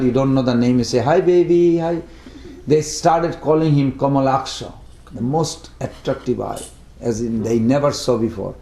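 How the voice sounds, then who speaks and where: A man speaking to a devotional study group, telling a story in an animated way and acting out the characters. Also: on the high side. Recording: roomy echo.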